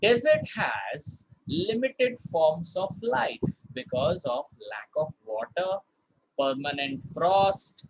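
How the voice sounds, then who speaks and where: High-voiced teacher drilling words. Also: male voice, wildly swooping pitch, takes it slowly, vocal fry, a little hiss or hum, low-quality recording. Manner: drills pronunciation, switches between English and Hindi. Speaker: spoken English teacher. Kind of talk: online vocabulary class.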